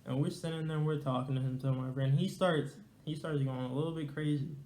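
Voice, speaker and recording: A man's voice: fairly high pitch, fairly even intonation, brisk, darkish tone, echoey room, slight background noise. A young man telling a casual, slangy, rambling story to his viewers. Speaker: storyteller vlogger.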